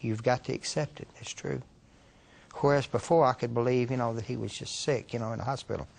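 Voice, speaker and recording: Man, gravelly voice, middle pitch, hesitant interview memories. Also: steady tone, a little fast. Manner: hesitant, with many fillers. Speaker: interviewee, a relative. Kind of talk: documentary interview recollection.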